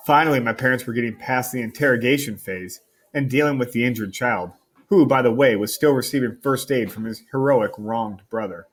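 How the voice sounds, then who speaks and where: Give me a teacher reading a story aloud, husky and wry. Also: male voice, mid-range voice, brisk. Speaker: teacher reading a novel to a class.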